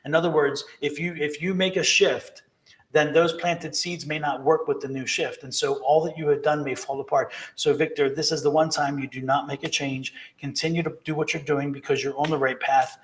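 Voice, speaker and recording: Guy doing live tarot readings, fairly high voice, pushy and upbeat, says things twice. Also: steady tone, moderate pace, a little hiss or hum. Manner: emphatic, encouraging, repeats key phrases. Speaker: tarot reader.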